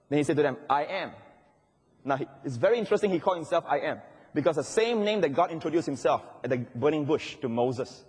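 A man's voice: fairly high pitch, animated, quick pace, breathy edge. A man preaching a sermon to a congregation, telling the story dramatically and calling out to his listeners. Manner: dramatic storytelling, addressing the congregation, shouting at peaks. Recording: long reverb of a large hall.

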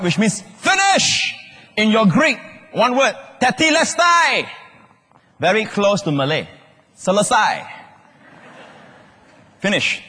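A man preaching a sermon in a large hall, animated, questioning the congregation and shouting out key words. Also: sits high, breathy edge. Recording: long hall reverb.

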